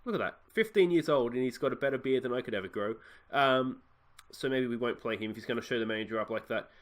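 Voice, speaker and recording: A man with an Australian accent hosting a game let's play, talking chattily with excitable, self-mocking asides. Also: medium pitch, fast talker. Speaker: gaming channel host.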